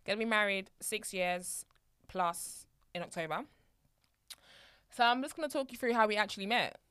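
A woman's voice: medium pitch, normal speed, a bit bright, clear, resonant tone, no room sound, studio quality. A woman in her thirties co-hosting a casual podcast, chatty and mock-indignant, often laughing. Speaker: podcast co-host. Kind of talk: casual chat.

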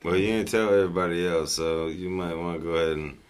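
A man's voice: sits low, steady tone, fast. A man hosting a casual chat, steering the round in a laid-back way.

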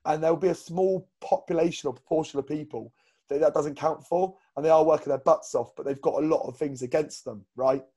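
A man's voice: on the high side, steady tone, a little fast, warm tone. A man co-hosting a casual fitness podcast as a coach, blunt and rambling with lots of fillers.

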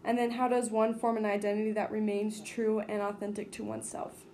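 A woman's voice: medium pitch, little pitch movement, fairly quick, mellow, slight background noise. A teenage girl in casual chat as a student co-host, easygoing, laughing often, full of hesitant fillers.

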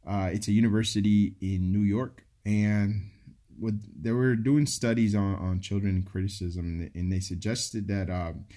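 A man with a very deep voice co-hosting a casual podcast. He talks in a relaxed, slangy way and often jumps in with short replies. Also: a little slow. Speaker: podcast co-host, life coach. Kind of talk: casual conversation.

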